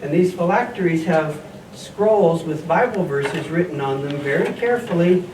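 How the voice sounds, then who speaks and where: In a church hall skit for children, a man plays a kindly scribe teacher and farmer, running call-and-response with cheerful teaching energy. His slightly high voice is lightly acted at a moderate pace, recorded from afar in a noisy, echoey room.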